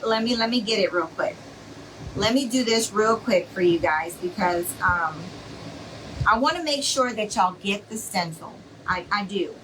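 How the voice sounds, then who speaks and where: A woman's voice: a little high, pushed and bright, recorded from a distance, slight background noise, poor audio. A woman hosting a casual craft live stream, chatty and reassuring, rambling with plenty of fillers as she talks to viewers.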